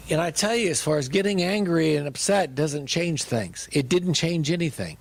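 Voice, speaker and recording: A middle-aged male pastor telling a humorous personal story in a relaxed, conversational sermon. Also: on the high side, moderate pace, gravelly, few pauses, no echo.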